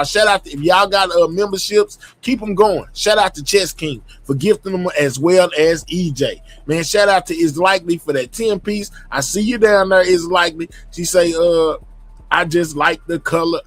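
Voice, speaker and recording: A man hosting a casual livestream, talking to his chat in an animated, slangy way. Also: on the high side, no echo. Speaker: livestream host. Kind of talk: casual live commentary.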